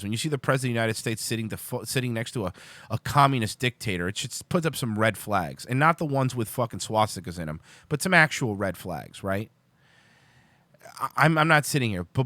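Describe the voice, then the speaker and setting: Man, livestream host, political rant, exasperated, lively pitch, dry close sound. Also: dry recording. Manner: heated, exasperated, lots of restarts. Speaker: show host.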